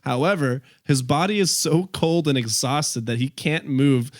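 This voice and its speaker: A man's voice: on the high side, measured pace, no echo, clean studio sound. A man hosting a podcast, casually telling a history story, often laughing and losing his place.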